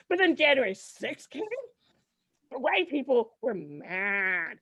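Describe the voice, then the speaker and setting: A high-pitched woman works through a stand-up set with dry sarcasm. She keeps the tone loose and chatty and checks in with "right?" as she goes. The recording comes across dull and muffled. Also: very animated, moderate pace, fairly bright tone. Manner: sarcastic, conversational, peppered with "like" and "right?". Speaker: stand-up comedian. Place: comedy show stage.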